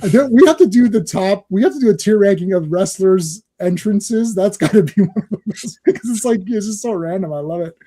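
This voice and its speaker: A man's voice: high voice, expressive, brisk, few pauses, mellow. A middle-aged Canadian man hosting a casual livestream chat, talkative and laughing often. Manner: chatty, laughing, breaks into silly voices. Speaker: podcast host.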